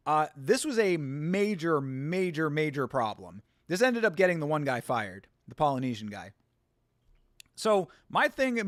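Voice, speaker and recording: A man hosts a live watch-along stream in loose, rambling chat, often restarting his sentences as he spins a story. His voice sits on the higher side for a man. The sound is dry and close with little room echo. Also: a bit bright. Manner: chatty, rambling, with restarts and laughs.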